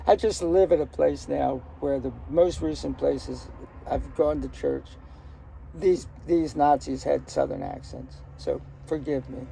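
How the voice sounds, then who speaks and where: A man's voice: on the high side, unhurried, vocal fry, mellow, slight background noise. An older man telling stories from his life in a rambling, joking, outspoken way, recorded outdoors in a garden. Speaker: storyteller. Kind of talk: casual personal storytelling.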